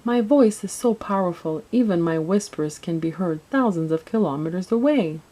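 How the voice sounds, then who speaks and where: A woman's voice: lowish voice, animated, moderate pace, dark tone. Woman voicing a confident little girl. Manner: confident, announcing.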